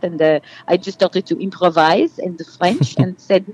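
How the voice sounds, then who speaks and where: Woman, middle-aged, podcast guest, animated storyteller, quotes dialogue in character. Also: on the low side, moderate pace, husky, poor audio. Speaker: guest actress. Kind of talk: casual interview.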